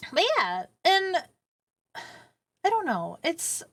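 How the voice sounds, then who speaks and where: A woman streaming a casual late-night chat from her home setup into a boom arm mic, rambling and swearing casually. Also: very animated, extremely slow, fairly bright tone, no echo. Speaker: livestreamer.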